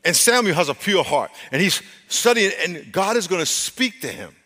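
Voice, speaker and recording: A male pastor preaches in a rather high voice, rising into loud, emphatic bursts and dropping to hushed, intimate talk. He often restarts and repeats his phrases. His voice carries a long reverb, as in a large church hall. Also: sing-song, normal speed. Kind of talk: sermon.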